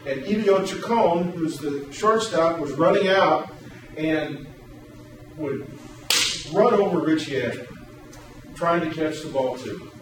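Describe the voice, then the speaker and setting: Man, presenter, fairly high voice, echoey hall, distant mic, room noise. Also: slow, pauses often. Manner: animated storyteller, loud acted quotes. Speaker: workshop presenter. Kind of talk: storytelling then presentation.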